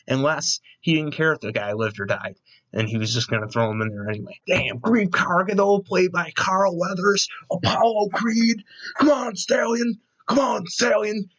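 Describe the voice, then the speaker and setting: A man's voice: lowish voice, sharp tone, dull audio. A man giving a casual, enthusiastic episode review into a desk microphone, rambling with lots of fillers and quoted asides. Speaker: movie review vlogger.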